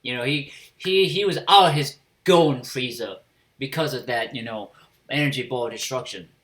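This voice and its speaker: A man giving a casual spoken review of an anime episode, swearing freely and filling pauses with fillers and restarts. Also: mid-range voice, a bit bright.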